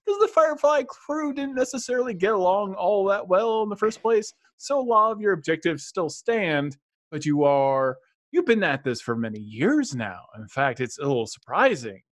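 A man's voice: high-pitched, very animated, moderate pace, no room sound. A man running a tabletop game as game master, explaining the story in an easygoing way.

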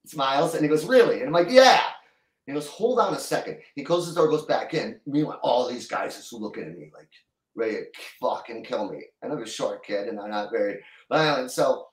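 Middle-aged male guest, rambling storyteller, average pitch, roomy sound. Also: far from the mic. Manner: rambling, halting, with many restarts. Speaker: guest musician. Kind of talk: casual storytelling interview.

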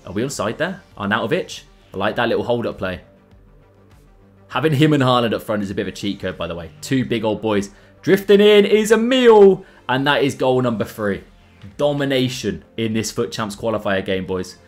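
A young man commentating his own football video game matches in a casual, excitable way, his voice jumping up at big chances. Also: mid-range voice, moderate pace, soft background music. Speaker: gaming YouTuber. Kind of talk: gameplay commentary.

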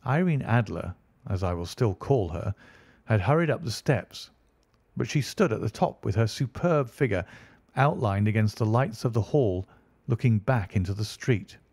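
A man narrating an audiobook in a steady, measured storytelling manner. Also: fairly low pitch, slightly rough, no room sound.

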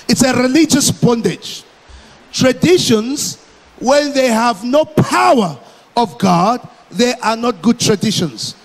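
Slow, high-voiced preacher in echoing hall. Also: male voice, lively intonation. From Malawi. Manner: emphatic, repeats phrases, slow deliberate preaching. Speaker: pastor. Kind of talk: sermon.

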